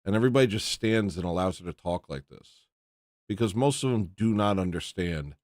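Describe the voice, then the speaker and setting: Brief: low-pitched male livestream host, dry close mic, blunt and indignant, rambling between thoughts. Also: animated, fairly quick, a little mellow, no echo. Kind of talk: casual livestream chat.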